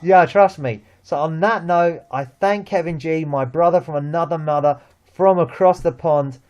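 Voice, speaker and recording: A young man with a London accent, chatting about football as host, lively and full of restarts and repeated words. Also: fairly high pitch, moderate pace, highs cut off. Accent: London English. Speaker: vlog host. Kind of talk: casual football chat.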